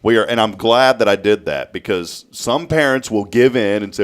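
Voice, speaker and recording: A man, hosting a casual studio talk show and telling a story with lively flair. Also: lowish voice, moderate pace, clean tone. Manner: animated storytelling, acts out a child's voice. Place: local TV studio.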